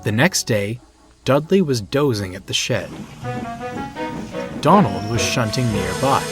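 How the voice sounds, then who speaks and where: A man narrating a children's railway story in a measured, expressive way. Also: medium pitch. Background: loud music.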